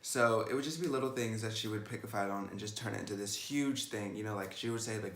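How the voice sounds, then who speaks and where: A man's voice: fairly low pitch, fairly even intonation, fast, fairly bright tone. An eighteen-year-old man telling a personal story in a casual vlog, chatty and sassy, with lots of "like". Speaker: makeup vlogger. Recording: roomy echo.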